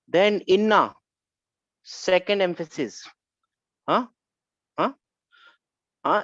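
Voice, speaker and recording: A man's voice: high voice, slow, long pauses, no room sound, dull audio. A man teaching an Arabic grammar class online, questioning students and repeating key phrases.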